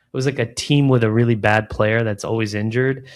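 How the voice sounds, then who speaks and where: A man's voice: medium pitch, a little fast. A middle-aged man, a business founder in an interview, chatting casually and acting out quoted dialogue with lots of "man" and "like". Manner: animated storyteller, acts out quoted dialogue, frequent "man" and "like". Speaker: recruiting firm founder, guest.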